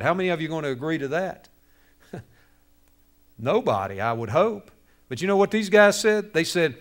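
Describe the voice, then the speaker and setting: A man preaching a lively sermon, telling a story and acting out its characters with jokes for the audience. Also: on the high side, a little fast, vocal fry. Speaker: speaker to youth on bullying.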